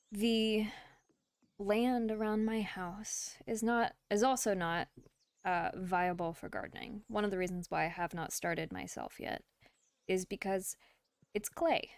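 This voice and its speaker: Slow-talking chatty woman streamer. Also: mid-range voice, clear, resonant tone, no room sound. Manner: chatty, rambling, laughs often. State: has the hiccups. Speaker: streamer playing a farming game. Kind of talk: casual gameplay chat.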